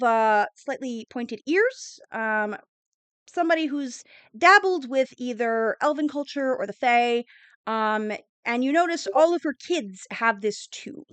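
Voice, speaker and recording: A woman's voice: sits high, no room sound. A woman narrating a fantasy tabletop game as game master, rambling with many fillers. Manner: rambling, filler-heavy, animated.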